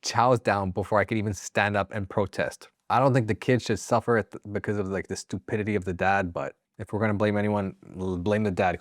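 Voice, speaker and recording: A man's voice: lowish voice, fairly quick, few pauses, dry recording, studio quality. A man reading online stories aloud as a channel host, breaking in with casual, profane, joking asides. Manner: casual, swears freely, jokey asides. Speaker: story narrator and channel host.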